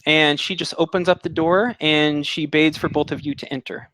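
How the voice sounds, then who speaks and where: Dungeon master narrating, a bit high. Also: male voice, steady tone, moderate pace, fairly bright tone, slight background noise, rough recording. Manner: explanatory, with filler words. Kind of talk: narrating a tabletop game.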